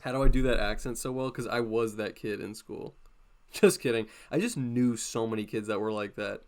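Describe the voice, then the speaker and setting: A man's voice: medium pitch, moderate pace. A man hosting a drawing live stream, talking casually and playfully as he draws, often laughing.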